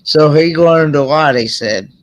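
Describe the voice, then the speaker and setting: A man hosts a relaxed live-stream hangout, speaking into a headset. His voice sits a little high for a man, and he takes his time. He often trips over his words and starts his sentences again. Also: highs cut off. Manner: halting, restarts sentences often. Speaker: host. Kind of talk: casual live-stream chat.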